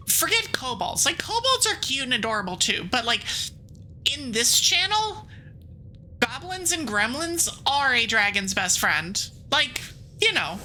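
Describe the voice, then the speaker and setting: A woman streaming a game as a VTuber, chatting casually in a rambling, playful way full of quick asides and giggles, and reading the game's text aloud. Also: high-pitched, bright, forceful tone, slight background noise, poor audio.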